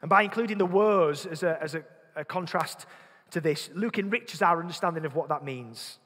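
A man's voice: on the high side, normal speed, fairly bright tone. A man with a Yorkshire accent preaching a sermon, earnest, repeating words as he thinks and putting questions to the congregation. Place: church. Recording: long hall reverb.

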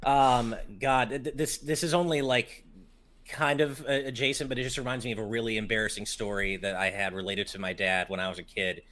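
Male podcast host, mid-pitched, relaxed chatter. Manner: easygoing, quick to laugh, reads out listener chat. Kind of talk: casual chat.

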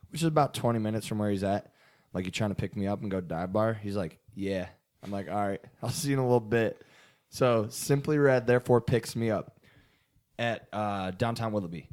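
Young male podcast co-host, lowish voice, loose rambling storyteller. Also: steady tone, a little fast, darkish tone. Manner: rambling, swears often, says dude. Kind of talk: casual storytelling among friends.

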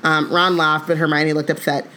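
A woman co-host reading a novel aloud and discussing it, animated and rising when making a point. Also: sits low, moderate pace, slight background noise. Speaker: podcast co-host.

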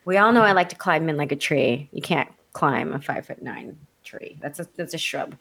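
A woman in casual chat, teasing her co-host and gushing excitedly about actors. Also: deep voice, normal speed, creaky.

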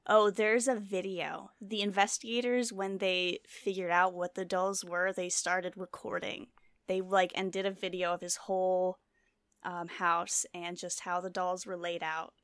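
A woman's voice: lowish voice, flat delivery, measured pace, fairly bright tone, clear, resonant tone, no room sound, studio quality. A woman co-hosting a casual true-crime chat, telling the story with many fillers and asides. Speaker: podcast co-host.

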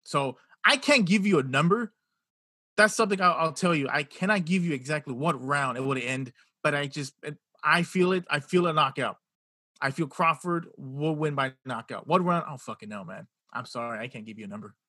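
A man with a husky, raspy edge and a bright, forceful tone, talking boxing in a loose, animated way. He stumbles and repeats himself and swears freely. The sound is dry and close. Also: on the high side, fairly quick, no room sound. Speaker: boxing podcast co-host. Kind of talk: casual chat.

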